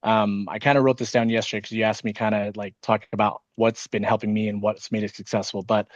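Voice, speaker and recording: Jittery team-leader guy on a video call, rapid casual talk with lots of swearing, mid-pitched voice, dry and a bit dull audio. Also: flat delivery, dry recording. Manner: fast, casual, swears often. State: nervous and wired on caffeine. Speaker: insurance sales team leader. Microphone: video call microphone.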